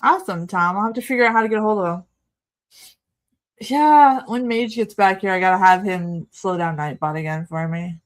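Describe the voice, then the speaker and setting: A young woman streamer chats loosely over a film, tossing off jokes and quick reactions to her viewers. Her pitch sits in an ordinary middle range for a woman. Her tone is relaxed and conversational throughout. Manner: chatty, joking asides to chat, frequent laughs. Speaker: livestream host. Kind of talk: casual movie watch-along commentary.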